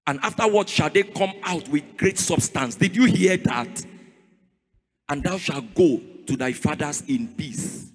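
A man with a Nigerian accent preaching a sermon in a sing-song cadence that rises to shouts. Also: fairly high pitch, animated, normal speed, hardly any pauses, husky. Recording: reverberant hall with faint music.

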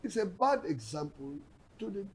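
A man's voice: sits high, sing-song, normal speed, slight background noise, poor audio. A man, a pastor, answering viewer questions in a blunt, firm way, sometimes chuckling and searching for words. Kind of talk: unscripted Q&A on faith.

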